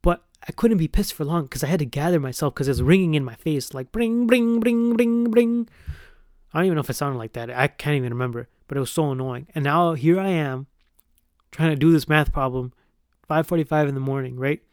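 A man's voice: a little high, a little fast, no room sound, studio quality. A young man telling a long, profane, rambling story in casual podcast chat, full of "like" and "right?". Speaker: podcast host.

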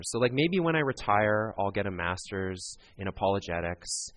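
A man's voice: lowish voice, big pitch swings, normal speed, hardly any pauses. A man preaching a sermon in an earnest, conversational way, talking directly to his listeners. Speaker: pastor.

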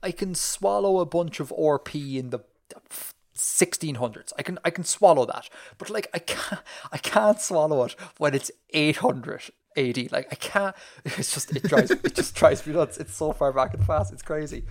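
A man's voice: a little high, normal speed. Man, podcast co-host, chatty and digressive, loose filler-heavy delivery. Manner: rambling, animated, lots of fillers and restarts. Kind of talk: casual chat.

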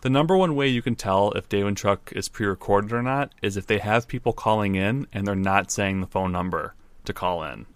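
A man's voice: lowish voice, a little fast, smooth, dry recording. A man co-hosting a casual podcast, telling stories and teasing his co-host in a dry manner.

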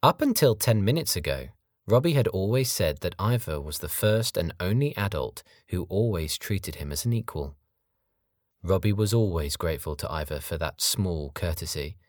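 A man narrating a novel audiobook in a measured, steady reading style. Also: low-pitched, no echo, studio quality. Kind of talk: scripted narration.

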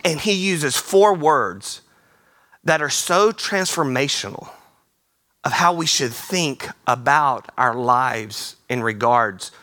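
A man preaching a sermon in a theater, energetic and playful, slipping into quick voices. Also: medium pitch, no echo, studio quality. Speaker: pastor.

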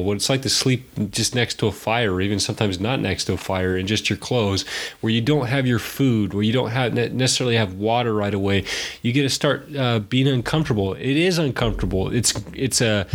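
A man who runs a survival school, talking in a casual interview in a rambling, reflective way. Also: fairly low pitch. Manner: rambling, reflective, searching for words. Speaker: survival school owner and instructor.

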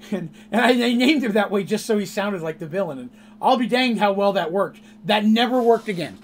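A man, the game master, recounting a tabletop session in a casual, rambling, animated way. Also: sits high, normal speed, a little hiss or hum. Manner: animated, rambling, laughs at his own story.

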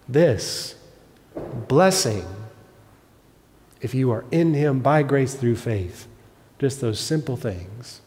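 A man preaching a sermon as pastor, earnest, swelling to emphatic peaks and then dropping soft. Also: mid-range voice. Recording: long reverb of a large hall.

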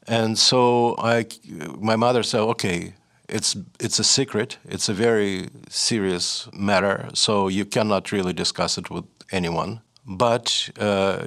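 An older man with a Russian accent recounts his past as an interview guest. His voice is low and gravelly, and he talks hesitantly, full of fillers and restarts. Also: fairly bright tone. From Leningrad, Soviet Union. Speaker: guest, writer. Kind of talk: reflective storytelling interview.

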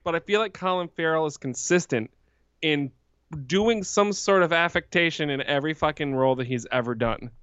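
A man's voice: a little high, brisk, a bit bright, clean tone, no room sound, muffled recording. A man co-hosting a casual movie podcast, talking bluntly, cursing freely and joking. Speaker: podcast co-host.

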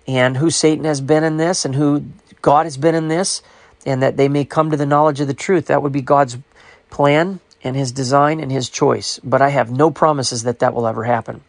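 A man's voice: a little high, creaky. A man giving personal religious commentary on his own show, earnest and reflective. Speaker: podcast host with a ministry.

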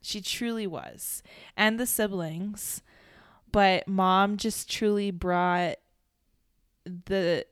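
Brief: young woman podcast co-host, clear smooth voice, dry close mic, reflective and hesitant. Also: medium pitch, fairly even intonation, extremely slow, dry recording. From Chicago suburbs. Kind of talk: casual reflective chat.

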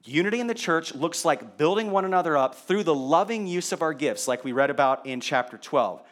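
A man's voice: fairly high pitch, animated, brisk, fairly bright tone. A male pastor preaching a sermon in a conversational way, asking the congregation rhetorical questions.

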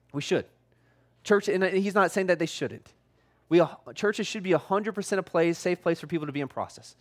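A man preaching with a voice pitched a little higher than most men's. His talk is loose and conversational, full of "like", and he pushes his points bluntly with growing force. He sounds like a pastor talking straight to his congregation. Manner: conversational and emphatic, heavy use of "like". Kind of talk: sermon.

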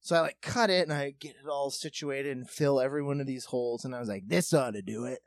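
A man's voice: mid-range voice, fast talker, no echo, clean studio sound. A man telling a long story in casual comedic chat, swearing freely and acting out what others said. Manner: profane, animated, acts out quotes.

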